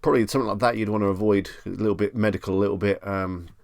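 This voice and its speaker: Male streamer, low and gravelly, dry close mic, casual chat host who reads out questions and riffs on them. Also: fairly even intonation, very fast, a little mellow, dry recording. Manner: chatty, reads questions aloud and muses on them.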